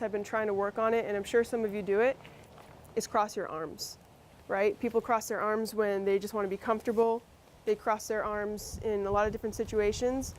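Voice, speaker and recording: A woman's voice: fairly high pitch, slight background noise. Woman teaching a workshop, conversational. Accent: Massachusetts. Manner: conversational, with fillers and restarts. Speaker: workshop presenter. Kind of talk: instructional workshop talk.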